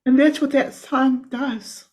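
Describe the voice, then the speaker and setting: A woman with a high voice talks earnestly about sending love and encouragement. She speaks gently in a relaxed, conversational way, often circling back and repeating a word before going on. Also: slow. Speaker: energy healer. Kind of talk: heartfelt casual conversation.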